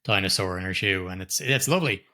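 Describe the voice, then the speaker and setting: Fast-talking bright middle-aged man. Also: low voice, lively intonation. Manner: rambling, restarts often, swears casually. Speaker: podcast co-host. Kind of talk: casual film review chat.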